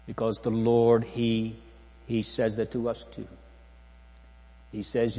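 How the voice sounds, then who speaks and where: A man's voice: mid-range voice, flat delivery, slow pace, long pauses, warm tone, husky, in a large hall. A man preaching a solemn sermon in a church, asking the congregation repeated rhetorical questions.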